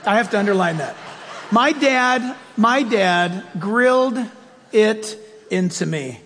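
High-voiced husky preacher in a hall. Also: male voice, slow pace. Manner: animated storytelling, self-deprecating asides. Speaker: pastor. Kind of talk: sermon.

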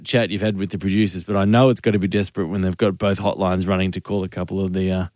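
A man co-hosting a radio show, teasing his partner and chiming in with quick affirmations. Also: low voice, level tone, darkish tone, no echo, studio quality. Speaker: radio co-host. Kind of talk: casual radio banter.

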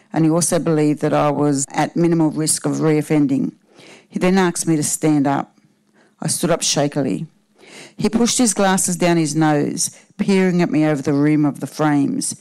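A woman, a panel guest reading her own personal story aloud in a steady, measured way. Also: low-pitched, poor audio.

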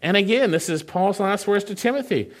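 Preacher man, fairly high voice. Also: animated. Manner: reads scripture slowly, then explains in a conversational way. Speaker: pastor. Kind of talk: sermon.

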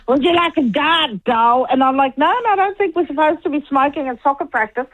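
A woman's voice: a little high, phone-quality sound. Chatty woman, mixed South African-Kiwi accent. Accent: mixed South African and New Zealand. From South Africa and New Zealand. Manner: chatty, laughs often, quick anecdotes. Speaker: comedian guest. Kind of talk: casual radio interview.

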